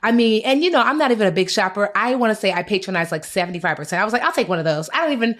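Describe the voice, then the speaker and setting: A woman's voice: mid-range voice, racing, a bit bright. A woman co-hosting a podcast in casual chat with an American accent, talking candidly and a bit wearily about the year. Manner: candid, tired, reflective. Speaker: podcast co-host.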